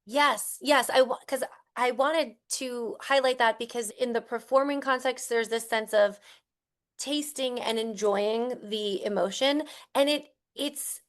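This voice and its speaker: A woman co-hosting a podcast in a relaxed conversational way. She speaks thoughtfully. She often affirms what her co-host says before she adds her own view. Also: on the high side, a little slow.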